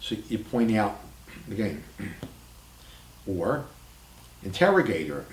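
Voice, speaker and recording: A man hosting a podcast, speaking in a calm, measured, reflective monologue with deliberate pauses. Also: medium pitch, roomy sound. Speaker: podcast host.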